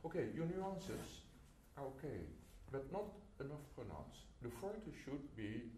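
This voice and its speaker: A man's voice: mid-range voice, big pitch swings, a little slow, warm tone, slight background noise. A man teaching a clarinet masterclass, often singing phrases to show the music, in slightly non-native English. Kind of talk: masterclass coaching. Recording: roomy hall with instruments.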